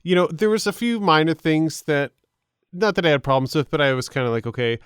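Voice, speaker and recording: A man's voice: a little high, brisk, fairly bright tone, smooth, no room sound, clean studio sound. A man co-hosting a podcast, giving easygoing casual opinions on a film. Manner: easygoing, laughs along, frequent agreeing fillers. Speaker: podcast co-host. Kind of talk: casual film review chat.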